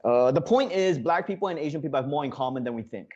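A man's voice: on the high side, lively intonation, fast talker, darkish tone, dull audio. A man doing comedic sketch banter as a correspondent, mock-indignant and heated, with lots of uh fillers.

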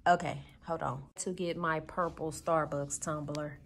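A woman's voice: deep voice, measured pace, slight background noise. A woman vlogging casually and candidly, talking straight to her viewers and addressing them as y'all. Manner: animated, bursts into excited squeals. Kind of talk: casual vlog talk to viewers.

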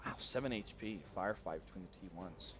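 A man casting a live esports match, chatty and easily excited, jumping up loud when surprised. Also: low voice, a little fast. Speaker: esports caster. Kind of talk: esports play-by-play commentary.

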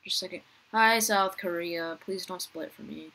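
A young woman giving casual gameplay commentary, chatty and talking to viewers and other players, her voice rough as she keeps clearing her throat. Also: fairly low pitch, moderate pace, bright, forceful tone, rough recording. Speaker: gaming youtuber.

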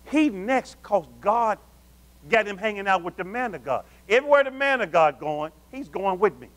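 High-pitched animated preacher man. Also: moderate pace. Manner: animated call-and-response preaching, addresses the congregation as family. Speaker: pastor. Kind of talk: sermon.

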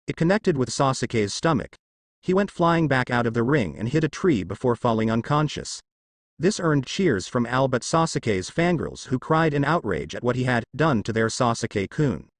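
A man narrating a fan fiction story in a steady storytelling way. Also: medium pitch, dry recording, clean studio sound.

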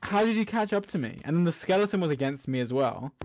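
A man's voice: on the high side, animated, quick pace, darkish tone. A young man chatting casually while playing a game, whiny and giggly, complaining about his bad luck. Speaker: gamer. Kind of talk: casual gameplay chat. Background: background music.

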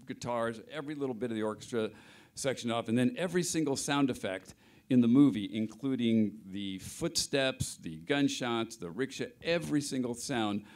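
A man's voice: mid-range voice, expressive, normal speed, a little mellow. A middle-aged man, a film sound mixer, explaining his work at a panel interview, hesitant with many restarts.

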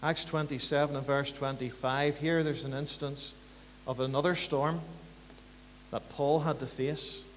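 A man preaching a sermon in church, building to emphatic rhythmic repetitions and then dropping low and quiet. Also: steady tone, a little slow. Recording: church hall reverb, faint hum.

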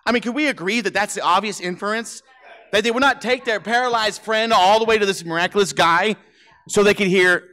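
Animated, high-voiced male preacher. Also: brisk. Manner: playful storytelling, acts out voices, laughs often. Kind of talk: animated sermon with acted-out scenes. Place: church sanctuary.

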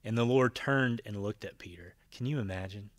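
A man's voice: fairly low pitch, a little fast, dry recording. A man preaching a conversational Bible-teaching sermon, retelling scenes with voiced quotes and frequent fillers and restarts. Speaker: pastor.

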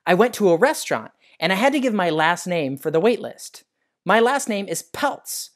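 An American man hosting a science lesson for kids, telling stories in a friendly, animated way. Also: fairly high pitch, normal speed. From United States. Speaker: educational show host.

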